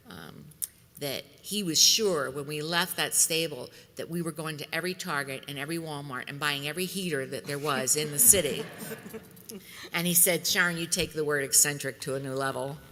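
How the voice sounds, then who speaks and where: A middle-aged woman with a low, bright, forceful voice tells lively anecdotes as a convention guest speaker. Her words ring out with a long reverb through a large hall. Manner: lively anecdotal storytelling with laughter. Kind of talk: storytelling speech to an audience.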